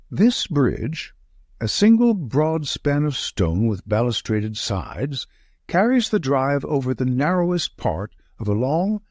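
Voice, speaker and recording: A shrewd, dry-witted Victorian detective, read by a man in an audiobook, who weighs each point with wry emphasis. The voice rises and falls in a lively way, with a husky edge. It sounds close and dry. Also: medium pitch, no echo, full character voice. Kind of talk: audiobook reading.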